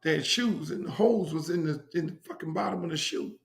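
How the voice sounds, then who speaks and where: A middle-aged man from Miami, USA, hosts his own show with a casual storytelling monologue, brash, profane, and repetitive. His voice is a little high and a little fast, with vocal fry, in an echoey room.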